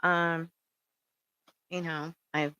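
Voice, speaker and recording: A woman's voice: fairly low pitch, little pitch movement, extremely slow, sharp tone, smooth, poor audio. A middle-aged woman giving rambling, casual spiritual advice, full of ums and checking in with "okay?". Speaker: spiritual speaker.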